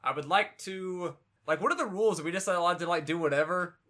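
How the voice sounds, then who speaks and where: Hesitant bright man player. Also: high voice, fast. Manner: hesitant, full of 'like'. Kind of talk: casual tabletop play.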